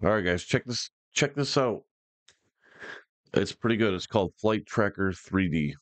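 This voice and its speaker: A man with a very low, deep voice gives relaxed, joking commentary as he tries out software. His talk is casual and full of slang. The sound is dry and close, with no room echo. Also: moderate pace. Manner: laid-back, joking, slangy. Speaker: YouTuber trying out software.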